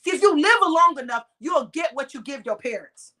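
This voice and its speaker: A woman's voice: high voice, lively intonation, normal speed, bright, forceful tone. A middle-aged woman preaching straight to her listeners, emphatic and direct, drawing out the words she stresses. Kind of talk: sermon-style exhortation.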